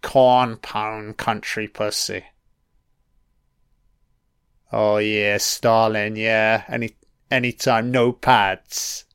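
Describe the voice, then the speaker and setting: A man doing a casual, profane film commentary, heckling the characters on screen, his throat a little croaky from illness. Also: fairly low pitch, level tone, extremely slow, long pauses, fairly bright tone, dry recording, studio quality. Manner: profane, talks back at the screen.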